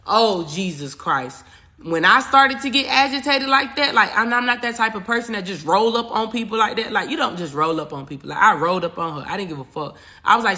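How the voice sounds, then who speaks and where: Bright-voiced, chatty woman coach. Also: mid-range voice, animated, a little fast. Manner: chatty, profane, swings from loud to hushed. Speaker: spiritual coach. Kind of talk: casual live chat.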